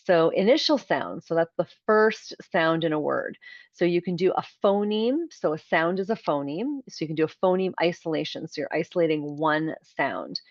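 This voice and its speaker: A woman, a kindergarten teacher, presenting an online workshop for parents and clearly modeling sounds. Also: sits low, dry recording, muffled recording. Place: video call.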